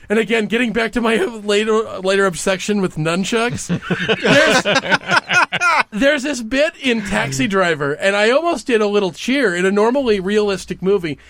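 A man co-hosting a podcast in an animated, casual chat, swearing freely and laughing often. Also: high voice, no echo.

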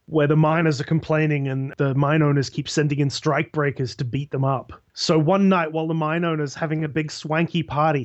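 Man, podcast co-host, slightly high voice, muffled lo-fi sound, eager storyteller. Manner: short interjections, eager retelling of stories. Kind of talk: casual discussion. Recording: dull lo-fi audio.

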